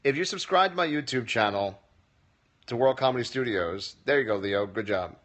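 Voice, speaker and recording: A comedy teacher runs a casual livestream Q&A from his phone, reading viewers' comments aloud and answering with dry jokes. His voice is medium-pitched, animated, and a bit bright, at a moderate pace, and his manner is wry.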